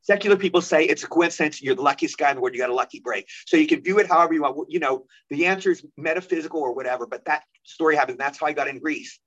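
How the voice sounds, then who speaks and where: A man telling stories as an interview guest, lively and quick, acting out the voices of the people he quotes. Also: on the high side, dull audio. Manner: animated, rapid storyteller who acts out quoted voices. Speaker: guest actor. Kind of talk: storytelling interview.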